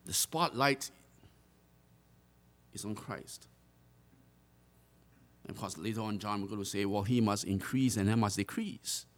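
A man's voice: on the low side, measured pace, pauses often. A man preaching a sermon to a congregation, earnest, stretching out key phrases for emphasis and often restarting his words. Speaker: pastor.

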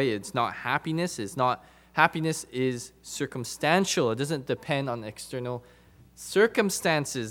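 Here a man with a mid-range voice preaches emphatically to his congregation, using repetition for stress and swinging between loud and soft moments.

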